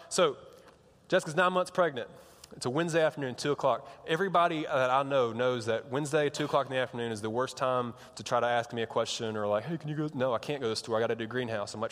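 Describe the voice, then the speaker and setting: Joking youth pastor in a hall. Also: male voice, mid-range voice, fairly bright tone. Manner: rambling, joking storyteller with many restarts. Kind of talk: sermon to students. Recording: long hall reverb.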